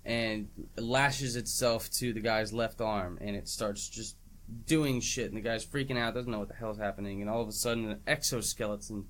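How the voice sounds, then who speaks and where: A man on a podcast retelling a film's plot in relaxed, casual chat. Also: on the low side, normal speed. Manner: laid-back plot retelling. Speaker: podcast co-host. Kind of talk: casual movie review chat.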